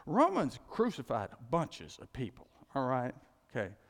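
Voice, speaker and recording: A man preaching a sermon in a conversational, animated storytelling way. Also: mid-range voice, measured pace. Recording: reverberant hall.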